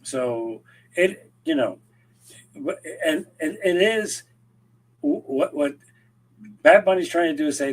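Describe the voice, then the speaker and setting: A man from Rico co-hosts a podcast and tells an animated story in casual conversation, imitating the people he quotes and frequently restarting sentences. His voice is a little high and slow, with frequent pauses.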